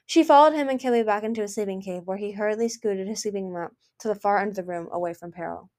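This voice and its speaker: A woman reading a novel chapter aloud, lifting her voice for the characters' lines. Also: darkish tone. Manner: reads briskly, raising pitch and volume for dialogue. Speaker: fan reader of a novel.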